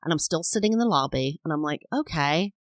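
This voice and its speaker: Chatty woman in her thirties, low voice. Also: expressive, a little fast, no echo. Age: 30s. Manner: chatty, rambling, many fillers, acts out quoted voices. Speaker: podcast host. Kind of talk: casual personal storytelling.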